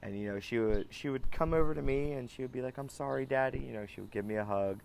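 A man in his thirties hosting a podcast, talking in a rambling, halting way with many restarts and fillers. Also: mid-range voice, vocal fry, a little mellow, slight background noise. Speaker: podcast host. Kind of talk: casual personal monologue.

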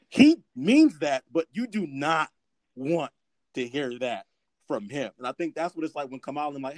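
A man's voice: mid-range voice, very animated, normal speed, darkish tone, no echo. A man co-hosting a casual podcast chat, joking around with profanity and laughter. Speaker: podcast co-host.

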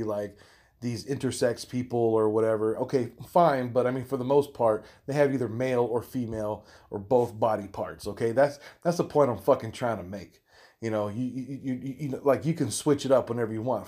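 A young man ranting hotly and profanely, stumbling over repeated words and jumping up in pitch when he gets worked up. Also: darkish tone. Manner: heated, swearing, repeating himself, rising pitch when worked up.

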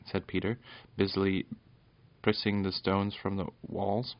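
A man's voice: deep voice, flat delivery, measured pace, no room sound, highs cut off. A man reading a children's storybook aloud, stumbling and correcting himself now and then. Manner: unpolished, with frequent stumbles and self-corrections.

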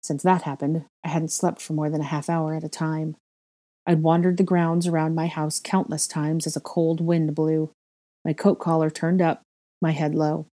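A woman reading a story aloud in first-person narration, with a measured, soft delivery. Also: sits low, flat delivery. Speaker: fan fiction reader.

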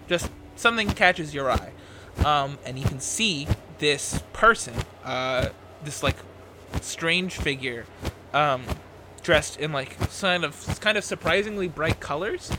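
Brief: a male game master, fairly high voice, halting narration over audible noise. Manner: halting, many "uh" and "um".

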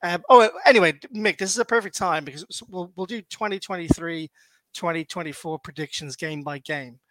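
Jokey guy hosting a podcast, kinda high voice, dry close sound. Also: brisk, a bit bright, no echo. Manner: jokey, laughs often. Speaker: podcast host. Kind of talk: casual chat.

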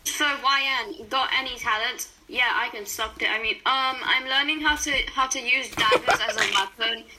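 A young woman reading a fan story with a friend, excitable, voicing the characters and swearing. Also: fairly high pitch, normal speed, background noise. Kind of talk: casual reaction reading.

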